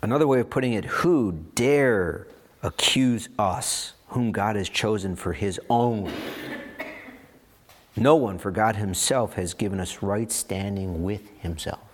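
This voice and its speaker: A pastor preaches a sermon in an animated, expressive way, tossing in little asides and firing off rhetorical questions. His voice is fairly low and unhurried.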